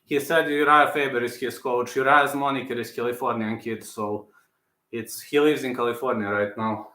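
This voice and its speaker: A man chatting casually on a live stream, answering viewers and circling back to repeat his points. His voice is bright and forward. The room adds a noticeable echo. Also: mid-range voice, fairly even intonation, normal speed. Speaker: channel host. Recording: roomy echo.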